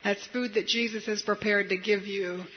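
A man with a high voice preaches a storytelling sermon, building to emphatic peaks. He retells scenes with animated energy. The recording sounds dull and lo-fi, with faint hiss underneath. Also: normal speed.

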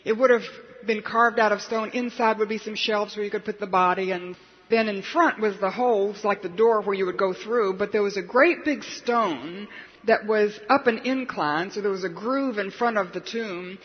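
A man preaches in a church, telling a story with drama and acting out its people. His voice sits high and husky. The sound is dull and lo-fi, with a long echo from a large hall. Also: normal speed. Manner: dramatic storyteller, acts out quotes. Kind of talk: sermon storytelling.

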